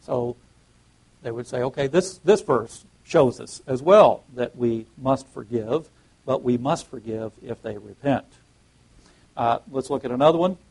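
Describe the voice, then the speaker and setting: A man's voice: mid-range voice, a little slow, darkish tone, husky, low-quality recording. A man preaching a sermon and reading scripture aloud, often restarting his phrases and rising emphatically on key words.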